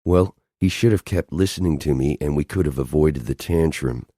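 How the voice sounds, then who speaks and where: A man's voice: rumbling low, normal speed, mellow, dry recording, clean studio sound. A man voicing a cold, commanding male alien agent in an audiobook, speaking in a clipped, exasperated way. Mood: mocking.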